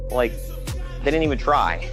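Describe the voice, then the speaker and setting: A man's voice: mid-range voice, very animated, normal speed, over music. A man co-hosting a casual wrestling podcast, ranting and joking and quoting people in mocking voices. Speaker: podcast co-host.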